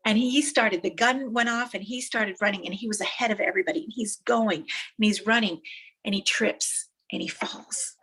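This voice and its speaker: A woman with a husky, medium-pitched voice speaks fairly quickly. She's a motivational speaker sharing uplifting stories, animated and emphatic, repeating phrases for effect.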